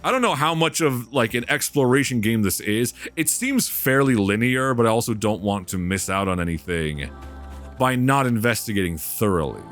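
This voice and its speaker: A man's voice: mid-range voice, expressive, normal speed, fairly bright tone, faint music behind. A man commenting casually on a game, joking sarcastically and reading on-screen prompts aloud. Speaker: let's play gamer.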